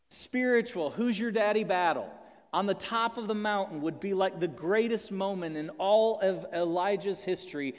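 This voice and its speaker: A man preaching a sermon, telling the story in a lively way with humorous asides. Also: high-pitched. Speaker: pastor. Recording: long hall reverb.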